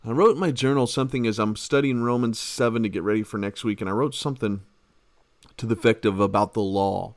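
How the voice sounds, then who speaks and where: A pastor who also hosts a podcast gives a conversational Bible teaching, talking fast in a lowish voice. He is emphatic, repeats his key words, and swings between loud and soft, with no echo in the recording.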